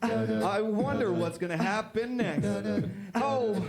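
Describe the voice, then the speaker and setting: High goofy freestyle dude guy putting it on bragging about his rock-picking job, slow sing-song, music blasting behind. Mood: boastful. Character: cheerful swaggering male rock-picking laborer. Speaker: freestyle performer. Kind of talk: freestyle rap and sung improv. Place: local TV studio stage. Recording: loud backing music under voice.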